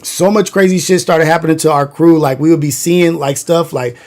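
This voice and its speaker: A man's voice: a little high, steady tone, moderate pace, a little mellow. Slangy man telling wild street stories. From Long Beach, California. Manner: loose slangy storytelling, many fillers. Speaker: livestream host. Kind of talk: casual storytelling livestream.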